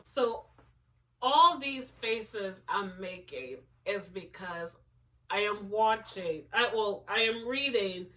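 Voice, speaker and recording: A woman's voice: medium pitch, expressive, slow, pushed and bright. A young woman reads aloud from an old story of her own in her bedroom, reacting with giggly, sarcastic, mock-dramatic asides. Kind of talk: casual commentary while reading aloud. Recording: voice distant from the mic.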